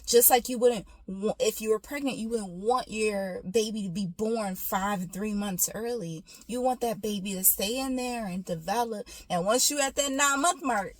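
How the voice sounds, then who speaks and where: A woman's voice: mid-range voice, normal speed, hardly any pauses, no room sound. A woman giving a casual, faith-based encouraging talk, telling a personal story and coaching the listener with affectionate asides. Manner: warm encouraging, storytelling, calls listener "baby". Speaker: faith and self-care speaker.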